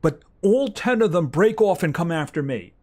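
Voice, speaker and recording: This streamer's voice is a little high, expressive, and darkish, moving at normal speed. He plays a farming game live, chatting casually with viewers, talking to the animals, and reading the chat aloud.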